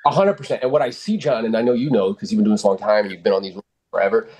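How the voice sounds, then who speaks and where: A man's voice: on the low side, racing, a little mellow. A man coaching real estate agents on sales calls, blunt and confident, swearing freely and using lots of fillers.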